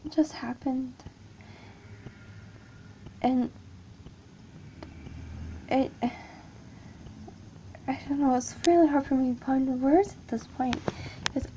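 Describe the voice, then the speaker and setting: Halting, frightened woman telling a story. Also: high voice, mellow, slight background noise, rough recording. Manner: halting, frightened, often dropping to a whisper. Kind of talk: first-person horror story narration.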